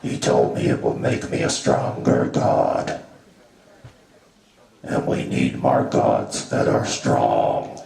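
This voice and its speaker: A man's voice: very deep voice, little pitch movement, takes it slowly, creaky, mellow, exaggerated voice. A man doing stand-up as a crude, callous male god who mocks his worshippers. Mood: mocking. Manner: crude, mocking and swaggering. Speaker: stand-up comedian. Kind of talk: stand-up comedy in character. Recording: roomy live venue from far off, audience noise.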